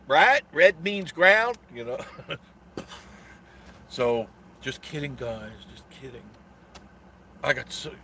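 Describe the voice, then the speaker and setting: A man's voice: mid-range voice, a bit bright, slight background noise. A man hosting a casual live stream, telling a rambling story with a sarcastic edge and greeting viewers in the chat.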